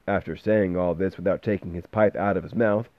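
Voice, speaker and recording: A man narrating a story aloud in a steady storybook reading style, recorded with a dull, dry sound. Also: low voice, a little fast, dry recording. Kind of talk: scripted narration.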